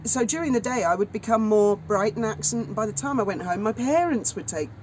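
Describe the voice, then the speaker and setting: A woman's voice: medium pitch, expressive, brisk, darkish tone, low-quality recording. Woman, co-host, chatty storyteller, casual outdoor chat, faint noise behind. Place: outdoors at sunset.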